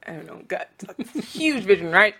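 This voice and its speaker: A woman's voice: medium pitch, big pitch swings, moderate pace, sharp tone. A young woman being interviewed about the mentoring group she founded, talking passionately and getting emotional, with many fillers. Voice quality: trained singing voice. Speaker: guest, founder of a mentoring organization for teen girls. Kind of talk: casual interview chat.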